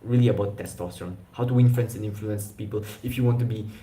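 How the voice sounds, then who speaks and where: Young male streamer, rambling casual talk, mellow tone, echoey room. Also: fairly low pitch, fairly even intonation, fast. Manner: rambling, with restarts and slang. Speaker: live stream host. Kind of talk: casual live stream chat.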